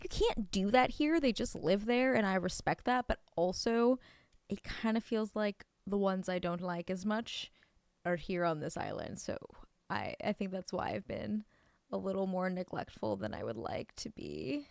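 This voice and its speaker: A woman streamer chatting casually while she plays a video game, gushing over cute things and often dropping to a soft near-whisper. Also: medium pitch, lively intonation, normal speed, gravelly, no echo, clean studio sound. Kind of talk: casual let's-play chat.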